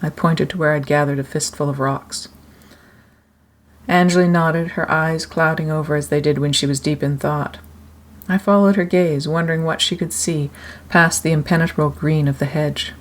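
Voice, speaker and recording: A woman with a low-pitched voice reads her own novel aloud. Her first-person narration is measured and clear, unhurried storytelling. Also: steady tone. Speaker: author reading her novel.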